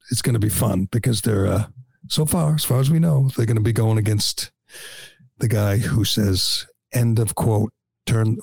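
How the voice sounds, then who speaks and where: Gravelly-voiced man hosting chatty talk. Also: lowish voice, darkish tone, dry recording, studio quality. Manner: chatty, wry, laughs often. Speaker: show host. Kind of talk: casual political talk.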